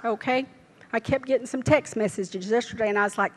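A woman's voice: on the high side, brisk, in a large hall. An older woman, preaching a sermon at a church service and telling homespun stories in down-home grammar. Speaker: lay preacher. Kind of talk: folksy sermon.

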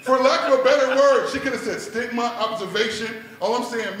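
A man's voice: sits high, fairly quick, hardly any pauses, noisy background. A man doing a laid-back stand-up comedy set at an open mic, peppering his lines with "man" and "like". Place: bar performance room. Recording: echoey room, mic heard from a distance.

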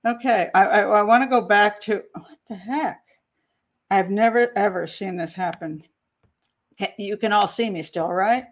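A woman's voice: mid-range voice, unhurried. A woman in her sixties, out of breath, hosting a casual livestream at home and exclaiming to herself as she sorts out a screen problem. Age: 60s. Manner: chatty, exclaiming, talks to herself while troubleshooting. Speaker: host.

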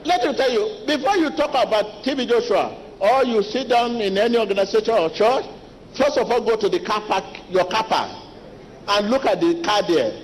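A man preaching a sermon as pastor, talking to the congregation directly, animated and repetitive. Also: high voice, moderate pace, slight background noise. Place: large church hall. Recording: long church reverb with faint ambience.

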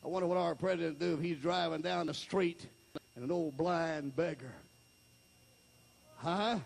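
A male evangelist preaching a fiery revival sermon, shouting and then dropping to a hush. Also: on the high side, moderate pace, creaky. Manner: shouting, jumps between loud and hushed delivery.

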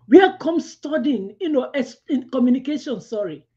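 Woman devotional speaker, animated storyteller, bright high voice with wide swings; muffled lo-fi recording. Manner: animated storytelling, quick asides, laughs while telling. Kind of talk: devotional teaching with personal story. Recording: lo-fi dull sound.

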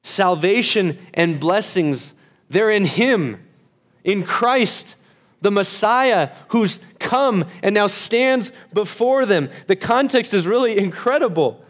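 A man preaching a sermon in an emphatic way, slowing down and dropping to a hush on key phrases, sometimes repeating words as he restarts. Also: high voice, expressive. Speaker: pastor.

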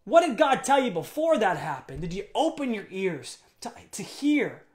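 High-voiced pastor guy preaching, gets big and emphatic, lots of questions to the church. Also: very animated, moderate pace. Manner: preaching with rising, emphatic build-ups and rhetorical questions. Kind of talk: sermon.

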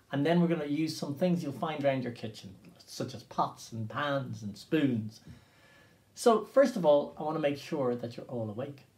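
An Irish drumming teacher leads an interactive percussion class for children, upbeat and coaxing as he counts beats aloud for listeners to copy. His voice is mid-range and a little mellow.

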